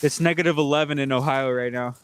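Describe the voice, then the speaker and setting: A man chatting casually outdoors in the cold, easygoing and quick to laugh. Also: medium pitch, fairly even intonation, a bit bright, clean tone. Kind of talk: casual chat. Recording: noisy outdoor recording.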